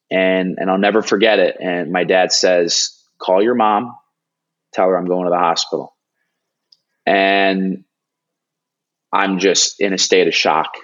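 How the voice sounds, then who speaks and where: Earnest low-voiced man telling a story. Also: dull audio. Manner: animated storytelling, acting out quoted lines; earnest, with many restarts and fillers. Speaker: hockey broadcast analyst. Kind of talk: storytelling in an interview.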